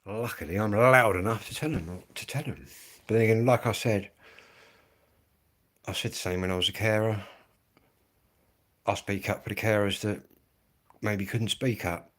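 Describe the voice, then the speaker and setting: A man in his fifties with an English accent holds forth in a live stream, blunt and full of swearing. His voice sits fairly low, and he keeps up a ranting monologue. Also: moderate pace, long pauses, fairly bright tone. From England. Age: 50s. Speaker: livestreamer.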